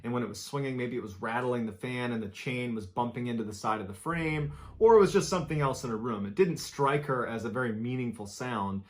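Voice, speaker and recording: Male horror storyteller, scripted, mid pitch, measured suspense.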